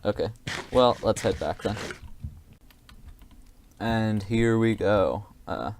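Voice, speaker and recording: A man's voice: on the low side, unhurried, long pauses, a little mellow. A man giving casual, rambling gameplay commentary, hesitant and self-deprecating, with many fillers.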